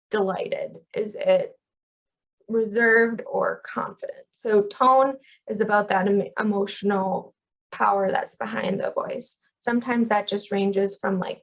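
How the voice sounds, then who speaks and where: A woman in her thirties giving a lesson on communication. Her voice carries a gravelly fry as she explains each idea clearly. She punches key terms through with lively stress. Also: medium pitch, low-quality recording. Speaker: communication instructor. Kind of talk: educational video lecture.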